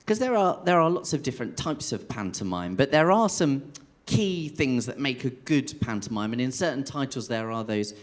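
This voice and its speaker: A man's voice: medium pitch, big pitch swings, moderate pace. A man interviewing a guest onstage in a theatre, hesitant and searching for his words. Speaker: interviewer, association chair.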